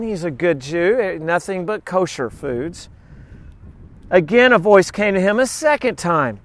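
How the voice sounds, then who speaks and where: A middle-aged male pastor with a notably high voice delivers a sermon. He reads scripture aloud and drops into animated, joking asides to his listeners. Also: a little slow, dry recording.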